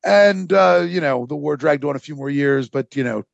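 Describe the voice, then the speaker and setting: A man's voice: a little high, moderate pace, creaky, no echo, lo-fi sound. A man hosting a casual history podcast, telling the story with rambling sarcastic asides and lots of fillers. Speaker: podcast host.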